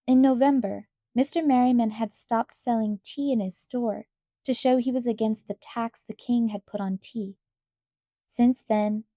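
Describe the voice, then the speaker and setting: Dark-toned woman reading a storybook. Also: on the high side, dry recording, studio quality. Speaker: audiobook reader. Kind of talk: storybook narration.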